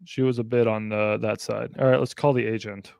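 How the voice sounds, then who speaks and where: A man's voice: on the low side, flat delivery, fairly quick, gravelly, darkish tone, clean tone, dry recording, clean studio sound. A young man hosting a casual livestream, talking bluntly and animatedly, with frequent swearing. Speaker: livestream host.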